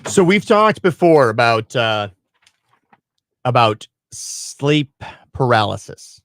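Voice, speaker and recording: A man co-hosting a casual live radio chat, telling a personal story in an animated way and acting out the parts. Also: mid-range voice, slow. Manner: animated storytelling, acts out his own screams and quotes. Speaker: radio show co-host.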